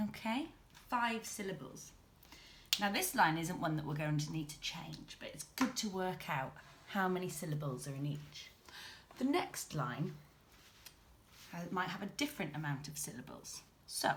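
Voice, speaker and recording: A woman's voice: fairly low pitch, a bit bright, slight background noise. A young woman teaching a primary class, explaining patiently, checking in with "okay?", and sounding out words beat by beat. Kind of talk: recorded home-learning lesson.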